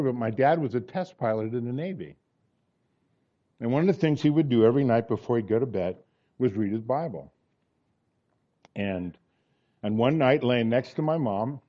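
A man's voice: medium pitch, dark tone, lo-fi sound. A man in his sixties preaching a sermon, telling personal stories and acting out the dialogue in them with earnest conviction. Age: 60s.

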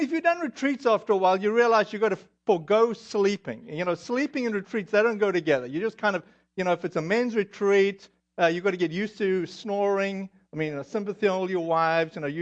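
A man from South Africa with a South African accent, preaching a sermon in a chatty, self-deprecating way with many fillers. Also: high-pitched. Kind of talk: sermon with personal stories. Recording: dull lo-fi audio.

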